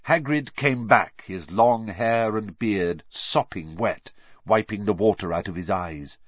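A man reading a novel aloud as an audiobook narrator, expressive and varied. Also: on the low side, a little slow, dry recording. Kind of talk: scripted storybook narration. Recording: dry, slightly dull audio.

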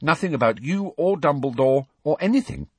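A man's voice: a little high, lively intonation, normal speed, husky, no room sound, voice pushed up. A man voicing Hermione, a clever, bossy teenage schoolgirl who talks in a precise, lecturing way. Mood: flat.

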